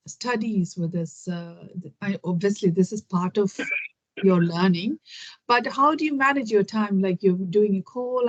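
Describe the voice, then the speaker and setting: A woman hosts English speaking practice over a video call, asking one curious question after another. She restarts often and talks in a chatty way. The call sound is slightly dull. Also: medium pitch. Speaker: English conversation host.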